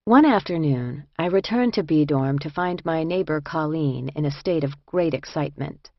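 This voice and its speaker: Woman narrator, low voice, measured first-person audiobook read; dry, dull studio sound. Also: no room sound.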